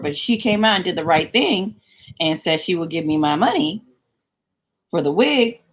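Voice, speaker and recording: A woman's voice: lowish voice, moderate pace. Sassy young woman ranting. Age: young adult. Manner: animated, repeats words and phrases for emphasis; sassy, mocking asides. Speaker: vlogger. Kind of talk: storytelling rant.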